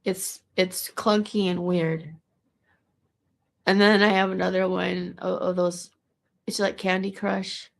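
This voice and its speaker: A woman's voice: on the low side, little pitch movement, slow pace, gravelly, pauses often. A woman talking in a casual, meandering monologue to the camera, restarting and repeating words as she goes. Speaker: vlogger.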